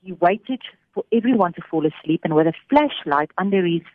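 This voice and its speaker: A woman telling a faith story on the radio, animated, giving voice to the people in it. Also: on the low side, a little fast, dry recording. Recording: thin phone-like radio sound.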